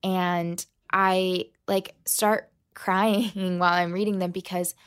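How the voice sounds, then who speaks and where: A woman, a podcast guest, telling a personal story in an interview, animated and full of "like" fillers. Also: lowish voice, slow pace, clean tone.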